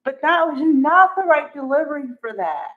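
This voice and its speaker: Woman, high voice, unhurried; casual soap recap, exasperated commentary, dull recording. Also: sing-song. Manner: chatty, exasperated, acts out quotes. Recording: dull lo-fi audio.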